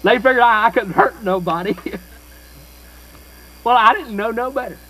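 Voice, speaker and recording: A man's voice: very high-pitched, moderate pace, sharp tone, full character voice, rough recording. An actor playing a folksy old-time circuit-riding preacher who stutters, telling his story in a live sermon to a church audience. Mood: homespun storytelling. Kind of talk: live first-person character sermon.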